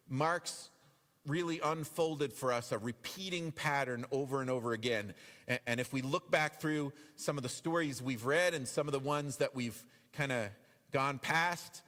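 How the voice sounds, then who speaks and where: A man's voice: fairly high pitch, fairly bright tone. A male pastor preaching a sermon in a conversational way, often repeating his questions. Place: church sanctuary. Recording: long reverb of a church hall.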